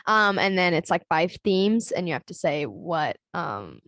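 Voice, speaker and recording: A woman's voice: on the low side, very animated, fairly bright tone, no room sound, clean studio sound. A young adult woman telling a long story in casual chat as a podcast co-host, rambling with lots of "like" and "um". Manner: rambling storytelling full of "like" and "um", quick laughs.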